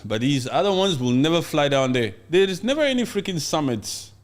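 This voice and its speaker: Animated male podcast host. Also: on the high side, a little fast. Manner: animated, acts out mock scenes with playful voices. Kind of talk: casual podcast chat.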